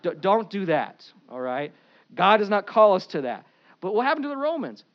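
A pastor preaching an Easter sermon, with animated swings between loud emphasis and quiet asides. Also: male voice, sits high, moderate pace, lo-fi sound.

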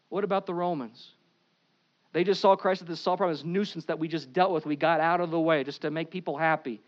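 A pastor preaching an Easter sermon, with animated swings between loud emphasis and quiet asides. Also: male voice, a little high, lo-fi sound.

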